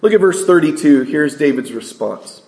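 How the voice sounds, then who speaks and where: High-voiced preacher in an echoey church. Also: male voice, animated, darkish tone. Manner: emphatic, rhetorical questions to the congregation; reads scripture aloud slowly. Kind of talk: sermon.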